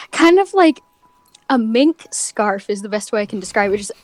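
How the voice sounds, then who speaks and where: Woman slowly narrating her tabletop character, lots of likes and giggles, dry close sound. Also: a little high, expressive, no echo. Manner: hesitant, many fillers, giggly. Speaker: player.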